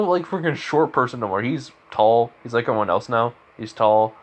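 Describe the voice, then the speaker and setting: A man's voice: mid-range voice, lively intonation, normal speed. A man casually improvising a fan-fiction story, rambling with many fillers. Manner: rambling, full of fillers and restarts.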